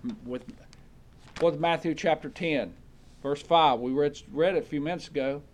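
A man's voice: fairly high pitch, normal speed. A man preaching a Bible study sermon, reading verses aloud and checking in with his listeners with "okay?".

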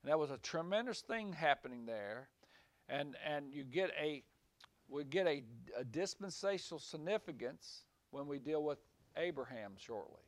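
Male Bible teacher for a small group, a bit high-voiced, repeats himself, punches key points. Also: lively intonation, normal speed, no room sound. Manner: rambling, repeats words, rises to emphatic points. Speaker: preacher. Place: small room with a few listeners.

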